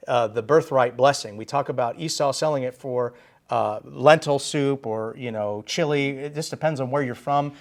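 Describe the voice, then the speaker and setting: A man preaching a sermon in a church, animated and emphatic, stressing his key phrases. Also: fairly high pitch. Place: church sanctuary.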